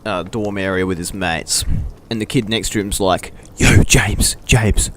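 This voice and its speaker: A man's voice: low voice, moderate pace, slight background noise. A young man casually telling school camp stories, swearing and laughing often. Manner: profane, laughing, animated quoting of friends. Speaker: storyteller.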